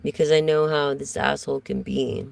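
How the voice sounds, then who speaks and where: A woman's voice: rumbling low, flat delivery, moderate pace, creaky, a little mellow, dry recording, poor audio. A woman giving a casual live tarot reading, chatty and rambling as she talks straight to her viewers. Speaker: tarot reader.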